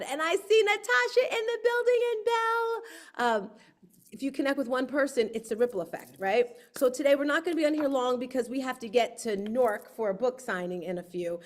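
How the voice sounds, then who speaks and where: A woman hosting her book launch on a livestream, telling lively stories and acting out quotes. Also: a little high. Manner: lively storyteller, acts out quotes. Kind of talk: casual livestream talk.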